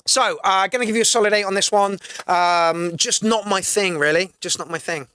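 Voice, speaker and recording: A man's voice: sits high, normal speed, bright, forceful tone, clean tone. A man hosting a casual live music-review stream, reading out chat comments and swearing freely as he rants. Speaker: livestream music review host.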